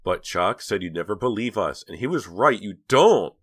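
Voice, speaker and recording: A man's voice: fairly low pitch, big pitch swings, normal speed, a bit bright, husky, no echo, studio quality, pitched above the performer's own voice, full character voice. A man voicing a shaken teenage girl who talks in an upset, insistent way.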